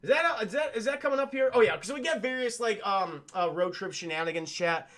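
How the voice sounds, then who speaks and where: A man with a high, bright voice talks through a film recap in a loose, rambling way. He swears offhandedly and keeps turning to address his chat, full of fillers and restarts. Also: expressive, fast talker. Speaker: film reviewer streaming to chat. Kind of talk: casual livestream commentary.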